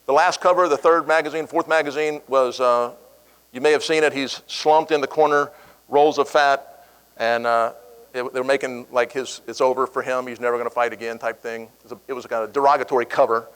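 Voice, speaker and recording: A middle-aged man speaking at an event and telling a personal story. His voice sits in an ordinary middle register. He acts out the quoted voices with sudden jumps in pitch. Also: steady tone, brisk, a bit bright, clear, resonant tone, low-quality recording. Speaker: keynote speaker. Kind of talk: storytelling speech.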